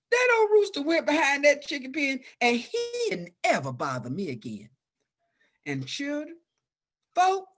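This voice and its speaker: A woman telling a folk story to children, dramatic, dropping to a hush and then rising loud. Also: fairly high pitch, husky. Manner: animated, dramatic shifts between hushed and loud.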